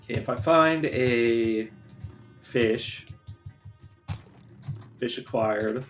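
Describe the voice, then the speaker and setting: A man's voice: mid-range voice, drawn-out words, fairly bright tone, soft background music. A man streaming a video game live, chatting casually in a rambling, profane, self-interrupting way.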